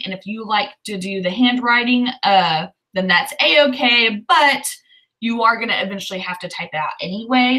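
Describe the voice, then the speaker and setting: A woman with a Southern US accent hosts a relaxed writing livestream. Her voice is bright and forward, and she thinks aloud in a chatty, easygoing way, filling pauses with plenty of ums. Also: mid-range voice, low-quality recording. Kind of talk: casual livestream chat.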